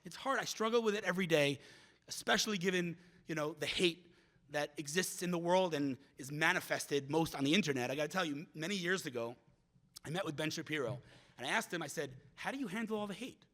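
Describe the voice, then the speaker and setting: A middle-aged man giving a speech at a community event, telling stories in an animated way, with frequent restarts and repeated words. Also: fairly high pitch, a little fast. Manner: animated storyteller who acts out quoted voices. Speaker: guest speaker.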